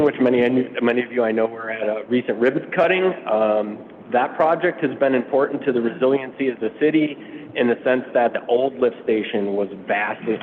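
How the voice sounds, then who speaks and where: A man with a raspy, allergy-hoarse voice, presenting a public works update at a council retreat in an informal way, with many fillers. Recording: phone-like, muffled sound with faint rumble.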